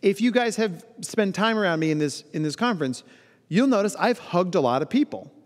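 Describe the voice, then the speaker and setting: Animated man speaking in a reverberant hall. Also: sits high, fairly quick. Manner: animated, playful, acts out quoted voices. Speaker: keynote speaker. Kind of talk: conference talk. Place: large conference hall.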